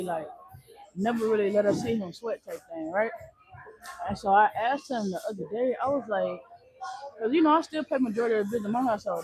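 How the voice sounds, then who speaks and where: A man's voice: high-pitched, poor audio. A man hosting a livestream, chatting casually in a rambling way and repeating his phrases. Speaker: livestream host.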